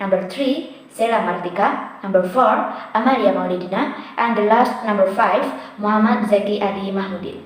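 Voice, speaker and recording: A young woman with an Indonesian accent, reading out a class presentation as a student presenter. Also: mid-range voice. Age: young adult. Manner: reads names and lists in a steady rhythm. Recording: strong echo.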